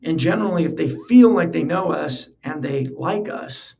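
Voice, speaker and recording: A man's voice: a little high, expressive, normal speed, vocal fry, a little mellow. A man hosting a podcast, talking earnestly in a casual, conversational way and often repeating words as he thinks. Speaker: podcast host. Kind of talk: casual solo podcast talk.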